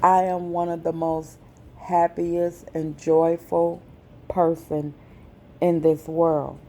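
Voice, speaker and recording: A woman vlogger, speaking slowly and with feeling in a personal message to her viewers. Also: lowish voice, little pitch movement, darkish tone, a little hiss or hum. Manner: slow, deliberate, emotional.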